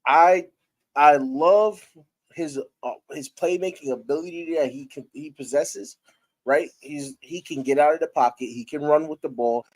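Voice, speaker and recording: Chatty male sports host, higher voice. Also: unhurried. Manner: loose and talkative, answering viewer chat, breaking into laughter. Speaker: sports talk show host. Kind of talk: casual live-stream sports chat.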